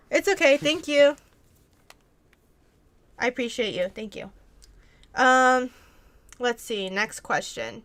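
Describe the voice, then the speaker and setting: Young woman streamer, bright tense tone, loose rambling chat full of fillers and cursing. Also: a little high. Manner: rambling, heavy "like" filler, frequent swearing. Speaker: streamer answering viewer questions. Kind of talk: casual storytelling chat.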